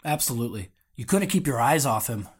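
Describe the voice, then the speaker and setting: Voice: medium pitch, big pitch swings, a little fast, husky. Interview host, mid-range voice, eager and curious questioner. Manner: eager, question-led, reads fan questions aloud.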